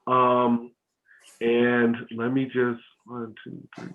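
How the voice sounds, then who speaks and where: A man's voice: medium pitch, monotone, takes it slowly, a little hiss or hum. A man hosting an online family workshop for a school, talking casually with many ums and restarts. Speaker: host of a school family learning session. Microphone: video call. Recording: tinny phone-like video call audio.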